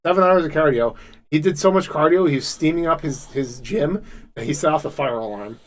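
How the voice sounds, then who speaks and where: A man's voice: a little high, fairly quick. A man co-hosting a podcast in casual chat, rambling and swearing constantly with enthusiasm. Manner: rambling, heavily profane, enthusiastic. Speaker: podcast co-host.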